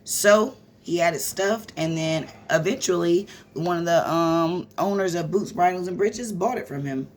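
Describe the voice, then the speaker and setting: A woman telling a childhood story to her viewers in a casual vlog, animated and profane, calling them "y'all". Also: fairly low pitch, measured pace, hardly any pauses, a little hiss or hum.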